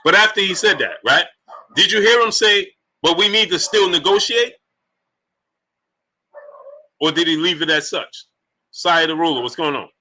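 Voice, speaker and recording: Reading super chats on his boxing talk live stream, the host speaks in a bright, forceful voice that sits high. His pace is normal but he pauses often, repeatedly hurling rhetorical questions at the chat.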